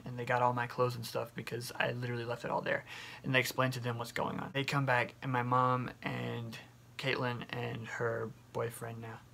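A young man vlogging, telling a personal story in a chatty, animated way with lots of fillers and quoted asides. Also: mid-range voice, creaky. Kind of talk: casual storytelling to camera.

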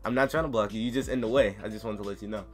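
A man giving excitable live gameplay commentary, yelling, chanting cheers and talking himself through nervous moments. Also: fairly low pitch, rapid-fire, faint music behind. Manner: yells and chants, sings cheers, flustered self-talk. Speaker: gaming commentator.

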